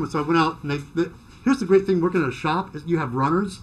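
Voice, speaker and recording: A middle-aged man telling work stories in a casual chat, animated and acting out other people's lines. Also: fairly high pitch. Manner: animated, acts out dialogue in quick bursts. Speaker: guest.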